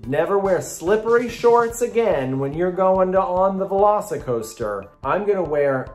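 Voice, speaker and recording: A man's voice: sits high, lively intonation, moderate pace, soft background music. A man vlogging about theme park rides in casual, self-mocking group chat. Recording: roomy echo.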